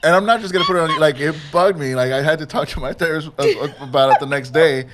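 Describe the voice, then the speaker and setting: A man hosting a casual podcast chat, retelling a story haltingly with many restarts. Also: a little high, background noise. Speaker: podcast host.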